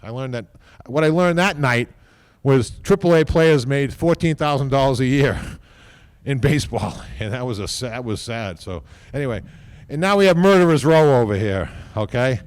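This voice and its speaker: A man speaking at a podium microphone during an induction ceremony, rambling informally, repeating himself and tagging lines with a quick "okay?". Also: mid-range voice, expressive. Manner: repeats words and restarts often. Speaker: team executive giving induction speech.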